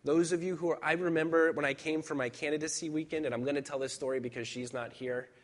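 A man preaching a sermon as pastor, speaking in a conversational, personal way with reflective pauses and emphatic repetition. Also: fairly high pitch, fairly even intonation.

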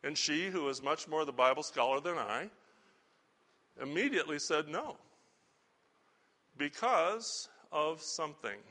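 A man's voice: fairly high pitch, animated, unhurried, long pauses, bright, forceful tone. A middle-aged man preaching a sermon as a pastor, earnest and conversational, asking the congregation rhetorical questions.

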